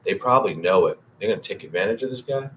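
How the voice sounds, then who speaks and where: A low-pitched man chats loosely with his livestream audience, drifting between topics and swearing freely. He talks to viewers by name. A faint hum of room noise sits behind him. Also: animated, quick pace. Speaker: livestream host. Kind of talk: casual livestream chat with viewers.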